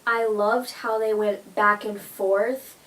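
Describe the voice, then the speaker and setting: Woman, casual vlog chat, gushing and emotional, mid-pitched voice, mic a little far off. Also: fairly even intonation, takes it slowly, a bit bright. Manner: gushing, emotional, lots of "like" and "oh my goodness". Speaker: vlogger.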